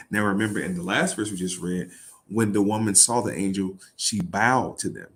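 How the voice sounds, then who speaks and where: A man's voice: on the low side, fairly quick. A man reading a Bible passage aloud and riffing on it in casual, irreverent talk, swearing and laughing. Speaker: host.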